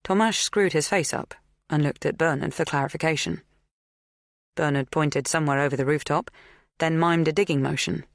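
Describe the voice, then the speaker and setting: A woman narrating a suspense audiobook in a measured, even reading. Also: sits low, dry recording, studio quality. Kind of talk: scripted narration.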